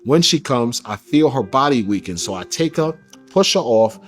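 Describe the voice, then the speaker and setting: A man giving an interview, recounting a personal story in a candid, casual way with slang, getting animated when he quotes others. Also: mid-range voice, normal speed, soft background music.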